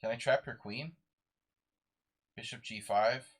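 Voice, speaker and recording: A man's voice: mid-range voice, fairly even intonation, unhurried. A sleep-deprived man streaming a live chess game, muttering moves to himself and chatting with viewers.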